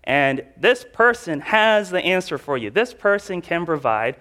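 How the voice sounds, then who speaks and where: A man's voice: high-pitched, very animated, a little slow, pushed and bright. Chatty man preaching a sermon. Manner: storytelling, chatty, with filler words. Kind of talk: casual conversational sermon.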